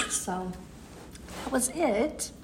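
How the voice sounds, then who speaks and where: A woman's voice: high-pitched, lively intonation, very slow, heavy background noise. Earnest woman sharing a devotional talk. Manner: earnest, laughs often, voice dips quiet at ends. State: losing her voice. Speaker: women's group speaker.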